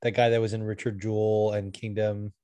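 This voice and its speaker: A man's voice: on the low side, little pitch movement, brisk, dark tone, clean tone, no echo. A man co-hosting a podcast, telling stories loosely and swearing, while a bit sick. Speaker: podcast co-host. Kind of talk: casual podcast chat.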